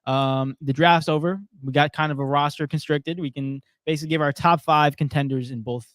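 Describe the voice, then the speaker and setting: A man's voice: a little high, fairly even intonation, a little fast, a bit bright, no room sound, studio quality. A young man co-hosting a casual sports podcast, joking and reading viewer comments aloud. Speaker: podcast co-host.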